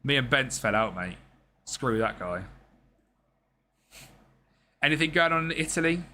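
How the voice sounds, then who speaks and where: A man's voice: medium pitch, animated, measured pace, sharp tone. A young man streaming a football management game, chatting casually with viewers and swearing freely. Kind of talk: live gameplay commentary.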